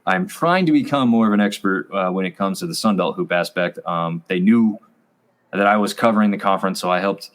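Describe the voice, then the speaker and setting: A man's voice: low-pitched, expressive, brisk. A man co-hosting a college sports review show, chatting casually and rambling with fillers. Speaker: co-host.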